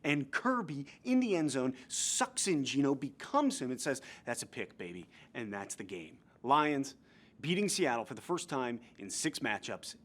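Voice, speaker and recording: A man's voice: mid-range voice, very animated, unhurried, fairly bright tone. A young man from New Jersey hosting a comedic football recap in a goofy, playful way. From New Jersey, USA. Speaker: host.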